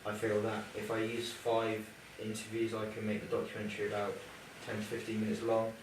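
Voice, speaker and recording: Young man with a low voice, echoey. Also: monotone. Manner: earnest, slightly halting with restarts. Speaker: student presenting a documentary idea. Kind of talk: casual group discussion. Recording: echoey room from far off, noisy.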